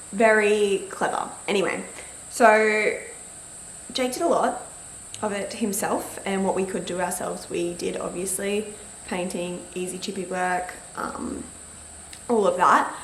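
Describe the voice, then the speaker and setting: A woman's voice: medium pitch, echoey room, a little hiss or hum, rough recording. A young woman, chatting casually to camera and telling a story with many "likes" and acted-out quotes. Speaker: vlogger.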